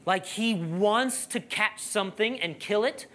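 A preacher giving a sermon, telling a lively personal story and then building to emphatic, raised-voice preaching. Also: medium pitch, unhurried.

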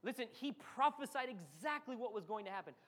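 High-voiced preacher delivering a fiery sermon. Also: male voice, lively intonation, fairly quick, a bit bright. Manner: preaching with dramatic acted quotes and call-and-response. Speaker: pastor.

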